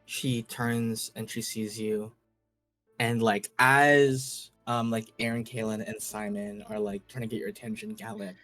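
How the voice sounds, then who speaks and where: A man's voice: lowish voice, little pitch movement, unhurried, fairly bright tone, faint music behind. A man narrating a tabletop role-playing scene as game master, loose and full of fillers.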